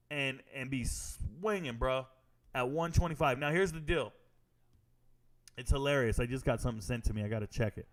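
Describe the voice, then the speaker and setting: A man's voice: medium pitch, fairly quick. Joking man riffing to his stream chat. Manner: joking, repeats himself, talks straight to chat. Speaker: streamer reacting to live fights. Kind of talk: casual live-stream commentary.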